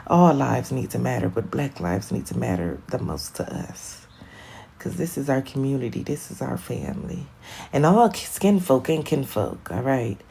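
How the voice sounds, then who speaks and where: A young woman from Michigan chatting on a live stream, rambling, animated and profane, laughing at her own jokes. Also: a bass voice, moderate pace, vocal fry, slight background noise. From Michigan, USA. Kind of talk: casual live-stream chat.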